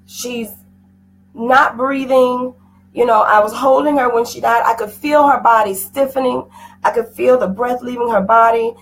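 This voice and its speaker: A woman's voice: a little high, gravelly, rough recording. A middle-aged woman giving an intense, emotional personal testimony, her voice rising at times. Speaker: guest sharing a personal story.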